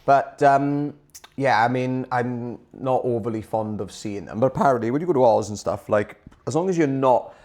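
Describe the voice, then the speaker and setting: A man co-hosting a casual podcast chat, talking in a loose, halting way with fillers and the odd swear word. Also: medium pitch, darkish tone. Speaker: podcast co-host.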